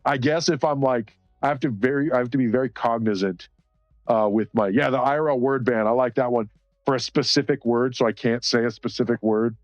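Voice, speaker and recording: A man chats loosely on his live stream, rambling from one thought to the next and swearing without noticing. His voice sits in a middle range and is recorded close and dry on a somewhat muffled mic, with soft music playing underneath. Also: mid-range voice, brisk, dry recording. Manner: relaxed, rambling, frequent cursing and laughs. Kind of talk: casual live-stream chat.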